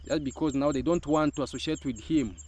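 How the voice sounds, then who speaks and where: A man's voice: a little high, brisk, a little mellow, slightly rough, dull audio. A young Kenyan man with a Kenyan accent, giving casual commentary on a YouTube channel, repeating his points with emphasis and asking "huh?" as he goes.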